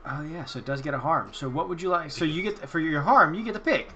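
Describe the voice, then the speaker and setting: Bright-voiced man running a tabletop game. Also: on the high side, fast, a little hiss or hum. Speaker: game master.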